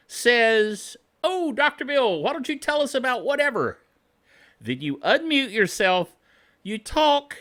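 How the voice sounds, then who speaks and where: A man hosting a tech show, talking straight to camera in a lively, swooping voice with a bright, sharp edge. He gripes like a cheerful curmudgeon, chuckles a lot and keeps asking "okay?" between his tips. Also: sits high. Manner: griping, self-styled curmudgeon; chuckles often, tags lines with "okay?".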